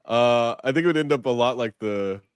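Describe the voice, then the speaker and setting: A man's voice: medium pitch, a little fast, clean tone, no echo, clean studio sound. A man co-hosting a podcast, chatting casually in a joking, rambling, self-deprecating way. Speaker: podcast co-host. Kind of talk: casual chat.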